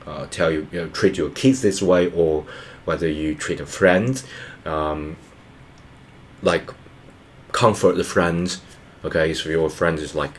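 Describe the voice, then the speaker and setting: A man's voice: rumbling low, slight background noise. A man in his thirties, a channel host and father, giving a reflective personal monologue in an earnest, hesitant way, with many fillers and restarts.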